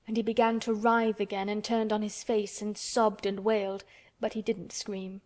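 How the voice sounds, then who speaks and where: Reading from a script, a woman narrates an audiobook at a steady, measured pace in a mid-range voice.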